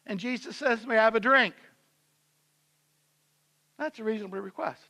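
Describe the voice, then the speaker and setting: A man preaching as senior pastor in a church, telling the story conversationally and acting out the characters' voices. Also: extremely high pitch. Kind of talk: sermon.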